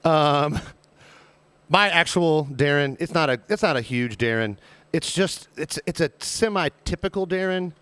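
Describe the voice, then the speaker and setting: Brief: teasing male podcast co-host, slightly higher pitch, dead-dry recording. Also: sharp tone, clear, resonant tone, no room sound. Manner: quick, joking, teasing. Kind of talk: casual chat.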